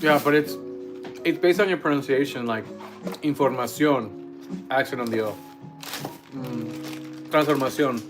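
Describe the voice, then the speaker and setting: With guitar music in the background, a man co-hosting a relaxed kitchen livestream reads out viewers' comments as he eats; Spanish is his first language. He has a mid-range voice, a moderate pace, and frequent pauses, all over poor-quality audio.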